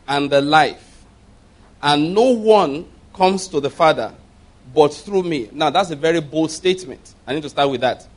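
A man preaching a sermon. He teaches, has the congregation repeat key phrases and piles up rhetorical questions. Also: a little high. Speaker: pastor.

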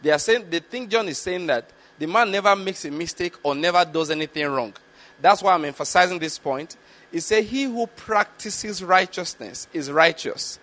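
A man teaching from the Bible in a sermon, reading verses slowly and stopping to explain them and check that listeners follow. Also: fairly high pitch, fairly bright tone. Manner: slow, deliberate reading of scripture with explanatory asides; repeatedly checks understanding with the listeners. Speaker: preacher.

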